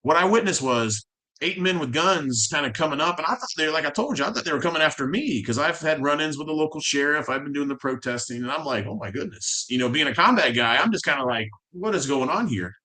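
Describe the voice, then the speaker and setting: A man's voice: fairly high pitch, animated, fast, bright, forceful tone. A man, a military veteran, telling his story as a guest in a casual interview, impassioned and tumbling over restarts. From Florida.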